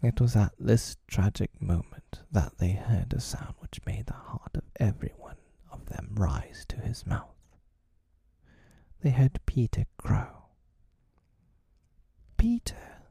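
Man narrator, whispered role-play storybook, slow and husky, dry close sound. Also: lowish voice, no echo. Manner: slow, hushed reading.

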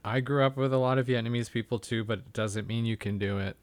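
A man's voice: medium pitch, fairly even intonation, fast talker, no room sound. Joking man in casual chat, dry sound. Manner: joking, bursts into put-on voices and laughs.

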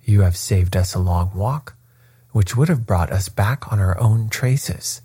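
A man reading as a calm, precise detective. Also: lowish voice, a little slow, breathy edge, no echo. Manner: calm, precise, quietly commanding. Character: cool, sharp, confident male detective.

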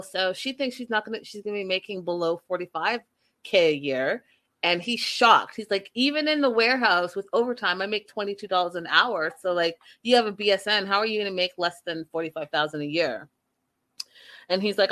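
A young woman chatting casually as she recaps a reality show, gossipy and animated, often laughing and talking straight to her viewers. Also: medium pitch, normal speed.

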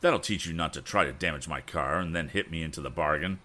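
A man's voice: extremely low pitch, fast, pushed and bright, exaggerated voice. A man voicing a bold, righteous young male inventor who talks in firm, spirited retorts. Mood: indignant.

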